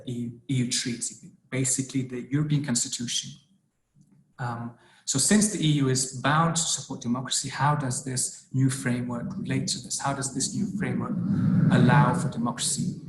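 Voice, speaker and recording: A man's voice: mid-range voice, echoey room, rough recording. A man presenting a policy brief in a webinar, speaking hesitantly with many fillers and restarts. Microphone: video call.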